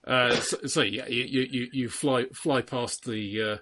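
A man running a tabletop game, narrating the scene in a halting way that thinks aloud. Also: mid-range voice, fairly even intonation, fairly bright tone, a little hiss or hum. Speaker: game master.

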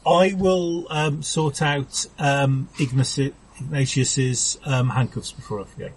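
A man's voice: mid-range voice, fairly even intonation, unhurried, husky. Easygoing, teasing man at a game table. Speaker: player. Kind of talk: casual tabletop game play.

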